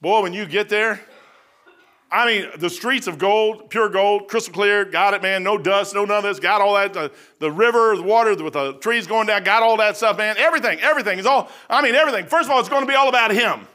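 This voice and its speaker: A man preaching a sermon in a folksy, conversational way, swinging between loud outbursts and hushed asides. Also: sits high, a little fast.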